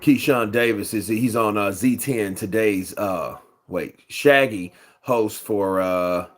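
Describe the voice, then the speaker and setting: A man's voice: on the low side, slow. A man with a cold hosting a casual boxing news livestream, rambling with lots of fillers and greeting viewers in the chat. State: has a cold.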